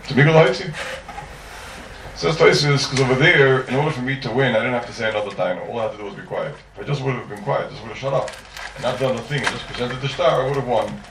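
A man teaching a Talmud class, working through cases with lively rhetorical questions. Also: mid-range voice, fast. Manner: lively, rhetorical questions, mixes Hebrew and Aramaic terms. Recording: roomy echo, mic far off, faint noise.

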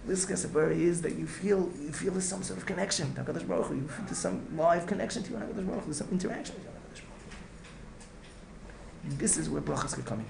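A male rabbi teaches a heartfelt Torah class in a high, gravelly, rapid voice, earnest throughout, repeating himself, restarting phrases, and using Hebrew and Yiddish words. He's recorded in an echoey room with faint ambience and background noise.

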